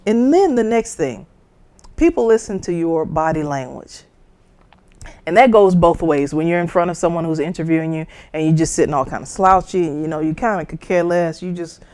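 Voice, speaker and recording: Lively woman teaching public speaking. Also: brisk, no room sound. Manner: lively, jumps high in pitch to act out imagined people; conversational, with fillers and asides. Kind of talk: instructional talk.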